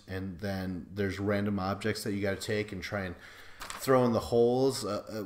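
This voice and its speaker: A man hosting a podcast, recapping a reality show in a loose, profane, joking way, full of fillers and quoted asides. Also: lowish voice. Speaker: podcast host. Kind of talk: casual recap chat.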